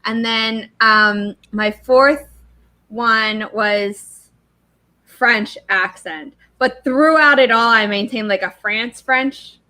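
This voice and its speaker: A woman's voice: a little high, slow pace, pushed and bright, low-quality recording. A woman hosting a livestream, chatting casually and rambling from one story to the next. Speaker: livestream host. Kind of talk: casual chat.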